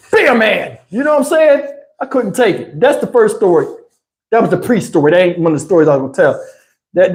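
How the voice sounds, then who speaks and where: Man telling a story with crude slang. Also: sits high. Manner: animated, laughs often, crude slang. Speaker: live-stream storyteller. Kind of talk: casual anecdotal storytelling. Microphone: wireless lapel mic.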